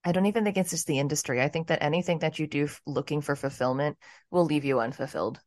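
A woman with a low voice hosts a casual podcast. She asks her guest friendly, encouraging questions. The sound is dry and close. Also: quick pace, darkish tone, no room sound. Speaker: podcast host.

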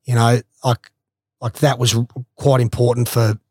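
A man tells a story in a relaxed, lively way, with a lot of swearing and quick bursts of laughter. His voice sits at an ordinary pitch. It sounds dry and close to the mic, with no room echo. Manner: animated, swears freely, laughs mid-story. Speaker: guest, former footballer. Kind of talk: casual storytelling.

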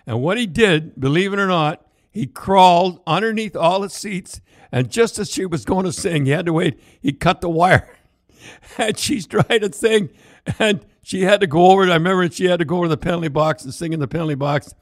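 An older man telling rambling, animated anecdotes in casual chat, with many restarts and laughs. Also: sits high, a little fast, dry recording, studio quality. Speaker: storyteller co-host.

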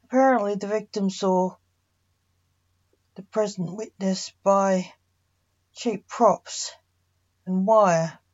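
A woman storyteller reading a story aloud at a very slow pace. Her voice is dark and mellow, and the recording sounds dull and lo-fi. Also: mid-range voice. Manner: slow, plain narration.

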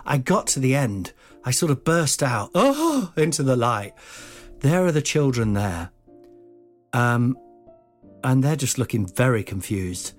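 A man's voice: mid-range voice, unhurried, pauses often, soft background music. A man in his forties casually telling a funny personal story as podcast host, swearing and acting out the voices. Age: 40s. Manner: lively, swears, acts out voices.

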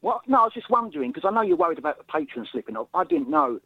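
A man's voice: fairly high pitch, sing-song, rapid-fire, dry recording. A man calling in to a show, tentative but politely persistent in making his point. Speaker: caller. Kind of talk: phone-in chat. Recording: dry tinny phone line.

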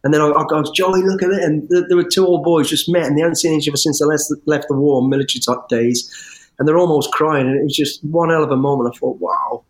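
A middle-aged man, an interview guest telling his life story in an animated, rambling way with restarts and swearing. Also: on the high side, fast. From English West Midlands. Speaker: interview guest, former soldier. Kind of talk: storytelling in conversation.

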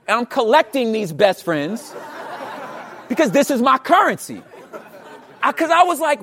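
Casual slang-heavy preacher, a man in his thirties, pitched high, talks like chatting with friends. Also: moderate pace. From Los Angeles area. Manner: animated, slangy, asks the crowd "you know what I'm saying". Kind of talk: conversational sermon.

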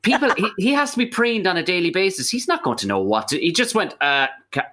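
A man's voice: sits high, quick pace. A man chatting casually on a podcast, joking and ranting with comic exaggeration. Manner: animated, jokey, prone to rants and comic exaggeration. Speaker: podcast co-host. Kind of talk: casual chat.

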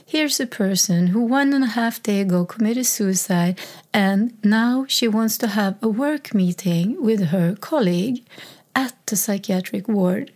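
A woman telling a raw personal story in a halting, reflective way, with many restarts. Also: medium pitch, a little mellow. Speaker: speaker sharing a personal story. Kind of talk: personal testimony.

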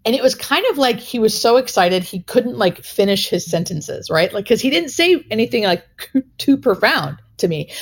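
A woman's voice: on the high side, animated, normal speed. A woman hospice nurse telling a personal story in an interview, earnest and emotional, with many filler words.

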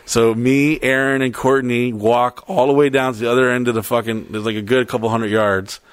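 A man casually telling a story on a podcast, animated and profane, acting out the voices of other people. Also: medium pitch, brisk, smooth, dry recording, clean studio sound. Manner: animated, swears a lot, acts out voices.

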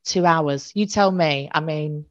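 A woman's voice: low-pitched, unhurried. A woman, candidly telling an emotional personal story and swearing casually. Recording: slightly dull lo-fi audio.

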